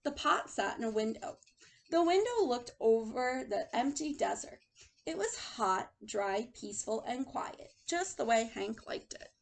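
Woman teacher, questioning and encouraging, fairly high, gravelly. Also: big pitch swings, unhurried. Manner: questioning, encouraging, addresses children as friends. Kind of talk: lesson with storybook read-aloud.

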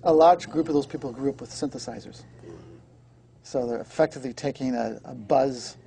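A man being interviewed, telling a story in an animated way and acting out the dialogue. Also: mid-range voice, vocal fry. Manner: fast, excitable, acts out the dialogue. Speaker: guest recording engineer.

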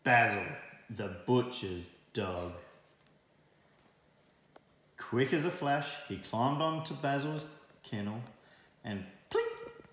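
A man reading a children's story aloud in a lively, expressive way. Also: mid-range voice, slow, pauses often. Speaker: storybook reader. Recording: very echoey room.

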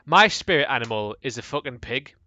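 Excitable man streaming a game. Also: mid-range voice, fairly quick. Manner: loud outbursts, swearing, sings snatches of pop songs. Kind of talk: casual gaming livestream chatter.

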